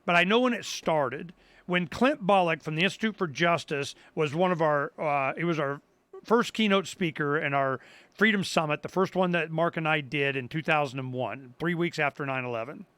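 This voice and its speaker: An older man hosting a talk radio show, his voice high and bright. He tells a story in a loose, rambling way, restarting his sentences and acting out the people he quotes. The sound is close and dry, with no room around it. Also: normal speed, dry recording. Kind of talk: casual talk-radio monologue.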